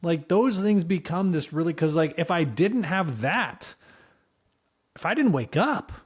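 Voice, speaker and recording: A man's voice: on the high side, animated, unhurried, breathy edge. Reflective man co-hosting a podcast. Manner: reflective, talks things through in loose sentences. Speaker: podcast co-host. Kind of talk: casual podcast conversation.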